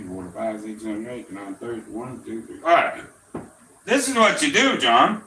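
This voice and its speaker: A man's voice: on the low side, sharp tone, slight background noise. A man hosting a gambling show, explaining roulette betting in a blunt, profane, chatty way. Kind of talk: casual instructional talk. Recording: roomy, distant mic, faint ambience.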